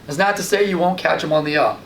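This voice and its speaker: A man hosting a fishing show, giving casual tips and telling lively stories in which he acts out his own reactions. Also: a little high, quick pace, vocal fry. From Long Island, New York. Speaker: fishing guide and show host. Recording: roomy, distant mic with light background noise.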